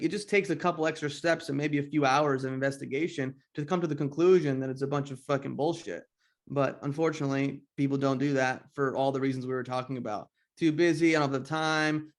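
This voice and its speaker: A man's voice: mid-range voice, steady tone, moderate pace. A man hosting a podcast, chatting casually and bluntly, swearing freely. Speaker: podcast host.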